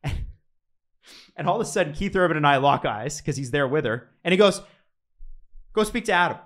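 A man in his thirties, co-hosting a casual podcast chat and telling animated stories with frequent laughs. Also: a little high, quick pace. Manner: animated storyteller, laughs often. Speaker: podcast co-host.

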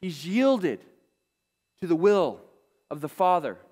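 A man's voice: high voice, big pitch swings, slow, a little mellow. A male pastor delivering a sermon, reading scripture and asking his congregation emphatic rhetorical questions. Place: church sanctuary.

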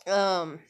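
A woman telling personal stories in a casual vlog. She rambles frankly and swears freely, with many fillers and restarts. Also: medium pitch. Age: adult with a child. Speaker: vlogger.

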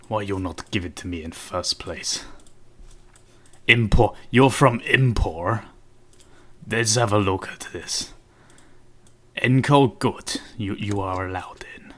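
A man voicing a rude male border inspector in a deliberately bad fake Russian accent, talking in broken grammar. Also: on the low side, fairly bright tone. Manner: broken grammar, curt and insulting. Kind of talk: joking game commentary in character.

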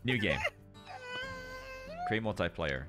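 A man streaming a multiplayer game in casual chat, excitably directing the group and swearing casually. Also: low voice, slow. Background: game music.

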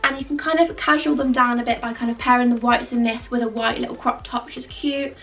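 A young woman chatting excitedly through a clothing try-on haul, gushing and full of fillers. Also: on the high side, fast. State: out of breath. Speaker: fashion vlogger. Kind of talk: casual try-on haul chat. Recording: distant mic with faint background music.

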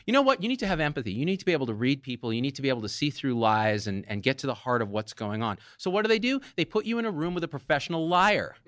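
A man in his forties talking as a podcast guest, excitable and animated, ranting with profanity and big swings in his voice. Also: racing, hardly any pauses, no room sound, studio quality. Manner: excitable, swings pitch widely, profane rants. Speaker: guest physician.

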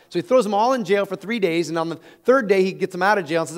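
A man preaching a sermon, retelling a scripture story in an animated, conversational way with chuckles. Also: sits high, quick pace, hardly any pauses. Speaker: pastor.

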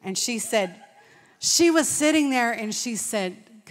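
A middle-aged woman telling a personal testimony at a conference, lively and storytelling, acting out what people said. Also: on the high side, slow pace. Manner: animated storytelling with laughs and acted-out quotes. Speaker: conference speaker. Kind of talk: testimony sermon. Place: large church hall. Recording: long hall reverb.

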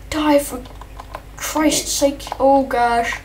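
A young male gamer doing rambling, excitable let's-play commentary, chatting to his viewers and his in-game pet. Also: medium pitch, takes it slowly, slight background noise. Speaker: gameplay commentator. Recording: distant mic with faint keyboard typing.

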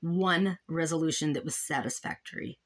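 A woman's voice: sits low, normal speed. A young woman in a casual vlog at home, reading out emails and complaints, frustrated and exasperated, trailing off and restarting. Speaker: vlogger.

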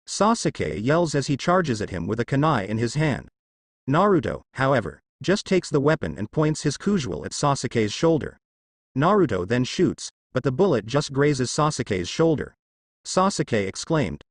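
A man narrating fan fiction in a steady storytelling read. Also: mid-range voice, normal speed, dry recording.

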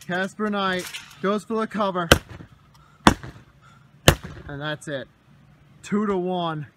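A man doing wrestling play-by-play commentary, moving between hushed, dismayed muttering and shouted excitement over big moves. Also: sits high, slow pace, noisy background.

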